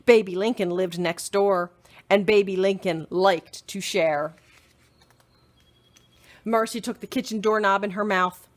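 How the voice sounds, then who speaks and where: A woman librarian reading a children's chapter book aloud in an expressive storytelling manner. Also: mid-range voice, measured pace, long pauses.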